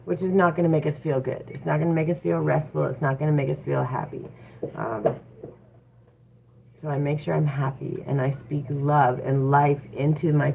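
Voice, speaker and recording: Woman w a low voice doing a chill tarot livestream, lots of ums, faint hiss in the background. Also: gravelly. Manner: chatty and encouraging, with frequent fillers. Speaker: tarot reader. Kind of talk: casual livestream reading. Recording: tinny phone-like audio with faint noise.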